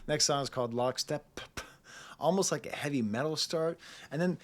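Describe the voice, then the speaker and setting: A man's voice: fairly high pitch, normal speed. A man hosting his own record review channel, talking casually through an album with rambling, digressive asides and frequent laughter. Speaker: music reviewer, channel host.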